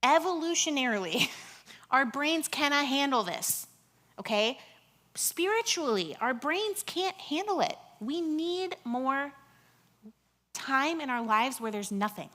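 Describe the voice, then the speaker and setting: A woman in her thirties preaching a sermon in a conversational, animated way, often dropping to a hush. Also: high voice, slow pace. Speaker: pastor.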